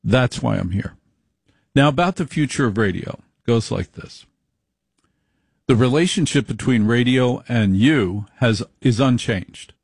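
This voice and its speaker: Male radio exec, gravelly delivery, punchy repetition, dry close sound. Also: mid-range voice, animated, a little slow, darkish tone, no room sound. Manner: emphatic, repetitive, salesman-like. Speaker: radio executive giving a speech. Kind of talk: speech to radio affiliates.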